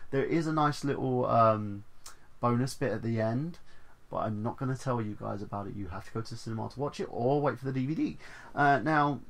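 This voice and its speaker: A man's voice: fairly low pitch, gravelly. A man giving a casual, enthusiastic spoken film review, rambling with frequent fillers and restarts. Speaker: movie reviewer.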